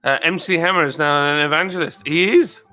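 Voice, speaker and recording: A man's voice: on the high side, fairly even intonation, brisk, bright, forceful tone, soft background music, poor audio. An English man hosting a live stream, chatting casually and rambling as he reads out viewer comments. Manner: rambling, chatty, jokey asides.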